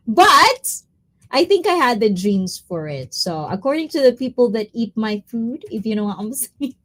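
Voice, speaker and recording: A woman chats casually to her live-stream viewers, calling out their names. Her pitch swings up and down constantly while she takes her time, and she gets giggly and excited at the smallest thing. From Philippines. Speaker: livestreamer reading chat.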